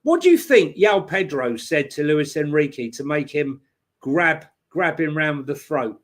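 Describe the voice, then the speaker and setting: A man's voice: on the high side, lively intonation, a little slow. Joking man co-hosting a live stream. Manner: joking, banter-filled. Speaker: co-host. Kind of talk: casual live-stream chat.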